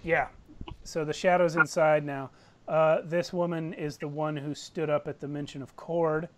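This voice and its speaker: A man with a slightly high-pitched voice runs a tabletop game as game master. He describes the scene at length and walks the players through the pieces on the table. His tone is descriptive and lightly amused. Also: little pitch movement, normal speed.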